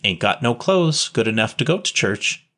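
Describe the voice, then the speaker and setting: A man reading a story, voicing a poor street boy who talks in rough slang with double negatives. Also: medium pitch, very animated, moderate pace, bright, forceful tone. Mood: wistful, eager. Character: ragged, shy street boy, near twelve.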